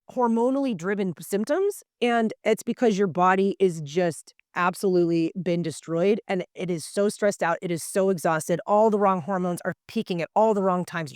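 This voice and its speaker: A woman's voice: mid-range voice, darkish tone, no echo, studio quality. A woman co-hosting a health podcast in a casual, earnest way, speaking straight to her listeners. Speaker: podcast co-host.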